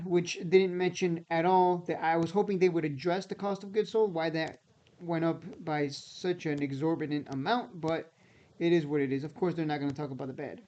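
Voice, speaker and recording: Man, somewhat higher voice, doing casual skeptical commentary with a strained voice; dull lo-fi sound. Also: dark tone. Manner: conversational, repeats himself, skeptical asides. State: voice strained, near losing it. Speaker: stock market YouTuber.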